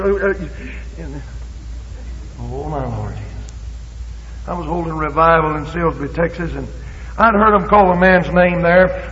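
A man's voice: high-pitched, moderate pace, a bit bright. A man preaching a Pentecostal sermon with fervent emphasis, acting out bits of dialogue, in a church or revival hall. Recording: echoey hall, dull lo-fi.

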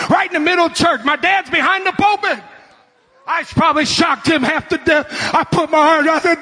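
A man preaching as a pastor, shouting and urging his congregation on, with a crowd heard behind him. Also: extremely high pitch, fairly quick. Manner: shouting, urgent preaching with call-and-response. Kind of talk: sermon.

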